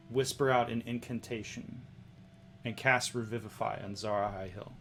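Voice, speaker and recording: A man narrating as game master, in a slow, hushed style with pauses. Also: medium pitch, fairly even intonation, faint music behind.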